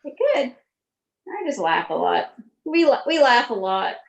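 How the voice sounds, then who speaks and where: A woman's voice: fairly high pitch, very animated, measured pace, vocal fry. Chatty teacher woman, roomy call audio. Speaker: schoolteacher. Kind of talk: casual chat on a video call.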